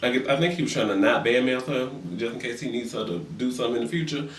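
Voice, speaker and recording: A young man with a mid-range voice talks fast over slight background noise, recorded far from the mic in an echoey room. He's recapping reality TV in a sassy, profane gossip rant, acting out the quoted lines of other people.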